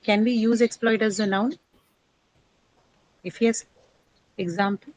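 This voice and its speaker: A woman's voice: medium pitch, steady tone, slow, a little mellow, low-quality recording. A woman teaching an English class, quizzing and correcting her students on word stress.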